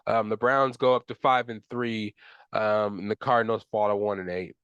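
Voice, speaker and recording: A man's voice: fairly low pitch, steady tone, normal speed, fairly bright tone, clear, resonant tone, no room sound, muffled recording. A young man hosting a solo sports podcast, ranting in frustration with casual slang and profanity. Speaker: podcast host.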